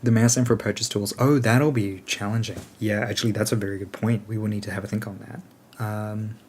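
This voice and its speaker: Low-voiced man rambling casually. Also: fairly even intonation, brisk, slight background noise. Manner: rambling, thinks aloud with many fillers. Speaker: game alliance leader. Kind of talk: casual chat answering questions.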